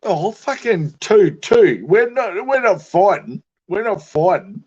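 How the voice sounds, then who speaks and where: A man's voice: high-pitched, expressive, slow, a little mellow, slightly rough, dull audio. An Australian man bantering casually on a livestream, swearing often, laughing easily and sounding drunk.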